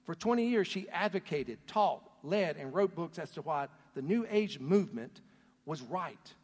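A man preaching a sermon, telling a story earnestly, his voice swelling loud and then dropping to a near hush. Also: fairly high pitch, lively intonation, measured pace. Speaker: pastor. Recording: long hall reverb.

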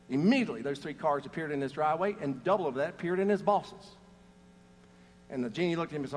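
A man's voice: a little high, lively intonation, fast talker, long pauses, long reverb tail, a little hiss or hum. A man preaching a sermon, telling jokes and stories between scripture readings. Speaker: pastor.

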